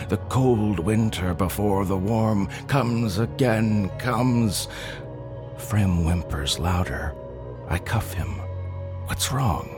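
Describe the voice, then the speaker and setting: Deep, slow-spoken male storyteller. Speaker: podcast story narrator. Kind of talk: scripted story narration. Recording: music playing behind.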